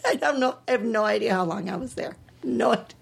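A woman's voice: a little high, lively intonation, fast, vocal fry, breathy edge. A woman in her thirties, an interview guest, telling a personal story candidly and with emotion, laughing at times.

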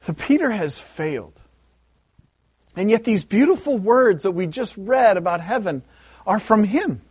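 In his sermon, this high-voiced pastor tells a story with lively energy, a little slowly and with a breathy edge. He keeps circling back to repeat key words for emphasis. The audio is close-miked and dry, with no room sound at all.

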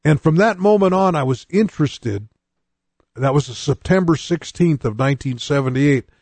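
A man in his sixties preaches a personal testimony sermon, telling his own conversion story in a plain, earnest way and speaking straight to his listeners. His voice is a little high and a little mellow, with lively intonation and a normal speed, in a dry recording.

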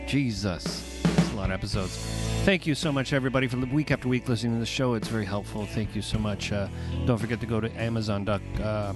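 Casual podcast host, music behind. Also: male voice, on the low side, fast talker. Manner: relaxed, rambling, many fillers. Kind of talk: casual chat.

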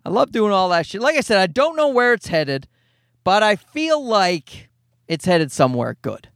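Animated, high-voiced man in his forties. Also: moderate pace, dry recording, clean studio sound. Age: 40s. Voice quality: animated, profane storytelling. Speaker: podcast host and comedian. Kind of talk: casual solo podcast monologue.

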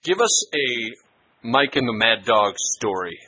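A man's voice: mid-range voice, expressive, slow, pushed and bright, slightly rough, rough recording. A man hosting a podcast, asking brief, easygoing interview questions.

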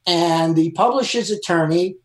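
A man's voice: sits high, moderate pace, reverberant. A man who works as a lawyer, giving firm, emphatic advice during a panel discussion. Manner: emphatic, advising.

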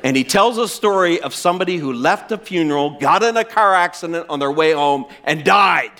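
A man preaching a sermon as pastor, swinging from emphatic, raised lines to soft, drawn-out words, then leading a prayer. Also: fairly high pitch, animated.

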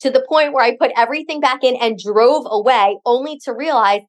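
A middle-aged woman co-hosting a podcast, telling a story in a chatty, animated way with lots of fillers. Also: a little high, brisk. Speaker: podcast co-host. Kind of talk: casual chat, storytelling.

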